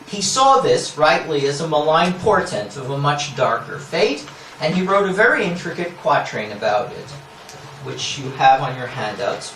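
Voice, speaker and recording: A man's voice: fairly high pitch, big pitch swings, moderate pace, fairly bright tone, a little hiss or hum. A man giving an academic lecture, explaining scholarly points with asides and frequent "yeah?" checks to the audience. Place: lecture hall. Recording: echoey lecture hall, mic at a distance.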